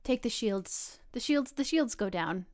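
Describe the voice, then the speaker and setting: A woman's voice: on the high side, lively intonation, a little slow. A woman narrating her superhero's actions as a player in a tabletop game, rambling and restarting. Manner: rambling, with restarts and soft asides.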